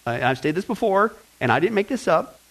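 A male pastor preaching a lively sermon, joking and talking straight to his congregation. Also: high voice, brisk, low-quality recording. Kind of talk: sermon with fill-in-the-blank notes.

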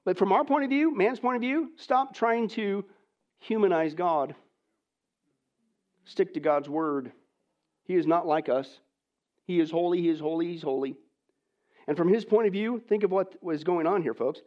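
A man preaching a sermon, swinging between hushed, near-whispered lines and loud, emphatic ones, and asking the audience rhetorical questions. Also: high voice, moderate pace, long pauses. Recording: dull lo-fi recording.

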